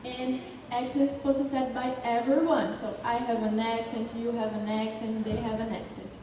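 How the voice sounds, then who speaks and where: A woman's voice: fairly high pitch, little pitch movement, normal speed. A woman speaking English with a Brazilian Portuguese accent, giving a prepared student presentation, explaining carefully and stumbling now and then. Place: large city council chamber. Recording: echoey hall from far off with faint noise.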